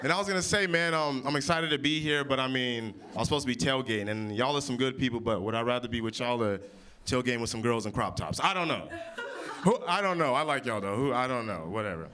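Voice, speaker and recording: A young man from Oklahoma performing improvised stand-up comedy, loud and brash, cursing and teasing the crowd. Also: medium pitch, expressive, quick pace. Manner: loud, brash, playful crowd work with swearing. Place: winery comedy stage before a live audience.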